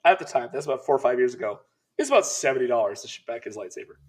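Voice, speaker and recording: A middle-aged man co-hosting a podcast, telling an animated, laughing story in casual chat. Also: mid-range voice, racing. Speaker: podcast co-host.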